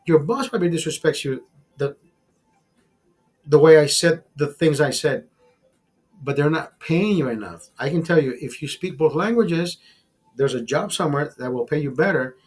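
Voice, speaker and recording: A man's voice: fairly high pitch, moderate pace, breathy edge. A man hosting a casual livestream, ranting in a heated, preachy way and swearing often. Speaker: livestream host. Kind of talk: casual talk to a live chat.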